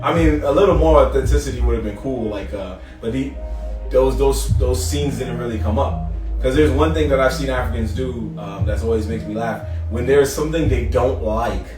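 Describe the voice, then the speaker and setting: Animated man in casual chat. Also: medium pitch, moderate pace. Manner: animated, acts out quotes with big voice jumps. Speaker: podcast co-host. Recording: roomy, distant mic with music behind.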